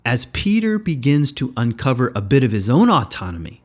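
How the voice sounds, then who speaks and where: A man's voice: mid-range voice, sing-song, normal speed. A man giving a reflective spiritual teaching talk as a podcast host, thoughtful and conversational, often searching for words.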